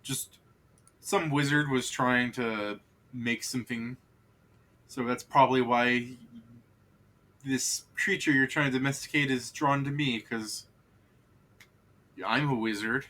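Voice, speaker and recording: A man's voice: medium pitch, fairly even intonation, slow, long pauses, sharp tone. A man voicing an awkward young male wizard who is bookish, socially clumsy and stammers with hesitation. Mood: explaining. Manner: hesitant, stammering, full of fillers.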